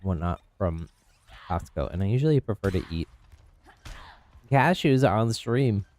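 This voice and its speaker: A man's voice: on the low side, expressive, measured pace, a little mellow. A man casually commenting on his gameplay live, chatty and easygoing, laughing at himself, on a desk mic. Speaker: streamer playing with viewers.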